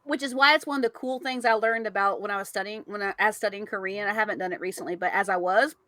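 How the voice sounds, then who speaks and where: A woman's voice: mid-range voice, fairly even intonation, quick pace, pushed and bright, no echo. A woman hosting a podcast, chatting casually, laughing often and reading out chat comments. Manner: chatty, giggly, reads chat comments aloud. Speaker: podcast host. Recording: dry close mic.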